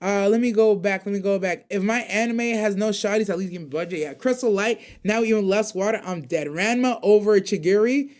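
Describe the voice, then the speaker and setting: A man's voice: high voice, a little fast, few pauses, a little mellow. A young man hosting an anime call-in radio show, chatting casually and reading viewer comments in loose, slang-heavy rambles.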